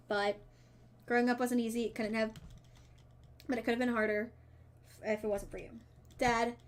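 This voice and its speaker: Wry teen daughter for a game read-through, read by a woman; keep it dry and fairly high. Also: lightly acted. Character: teenage daughter, wry and affectionate.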